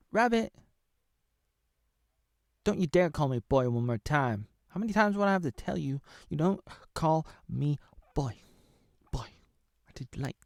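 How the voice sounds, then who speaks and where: A man's voice: medium pitch, mellow, dry recording, clean studio sound. A man voicing a sassy, theatrical male jackalope rabbit in a raised, indignant voice.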